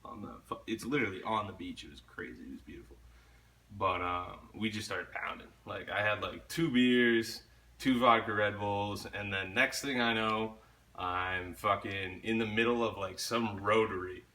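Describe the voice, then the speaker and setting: A man's voice: on the low side, steady tone, moderate pace, pushed and bright. A young man telling a story in casual chat, laid-back, swearing often and laughing along.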